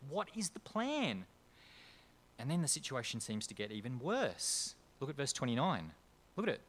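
A man with an Australian accent preaching a sermon as a pastor, moving between quiet storytelling and loud, emphatic points. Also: mid-range voice.

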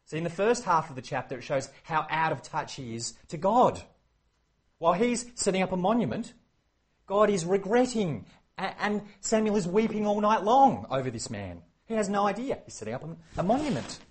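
A man preaching a sermon, animated and acting out the quoted exchanges. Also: sits high, normal speed, breathy edge. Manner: animated, acts out quoted exchanges, many fillers.

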